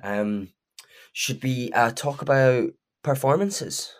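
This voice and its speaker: A man's voice: medium pitch, takes it slowly. A man talking casually about films as a podcast guest, with a hesitant manner. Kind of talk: casual film chat.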